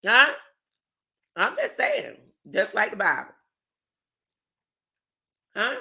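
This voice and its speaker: A speaker preaching casually on a livestream, often asking "huh?" and reading documents aloud slowly with slangy asides. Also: medium pitch, bright, forceful tone. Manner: keeps asking "huh?" to the audience, slangy and emphatic. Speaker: religious commentator.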